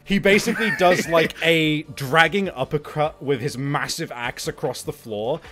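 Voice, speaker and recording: A man playing a tabletop game, excitable and laughing as he describes his character's actions. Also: a little high, moderate pace, background noise. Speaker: player. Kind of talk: casual chat over a tabletop game.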